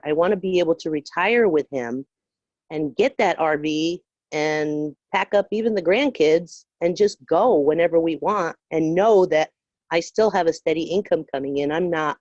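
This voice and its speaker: A middle-aged woman with a low voice shares her story earnestly, pausing with fillers as emotion comes through. The line sounds muffled and dry, as on a video call. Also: darkish tone, dry recording. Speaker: call participant. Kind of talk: personal testimony.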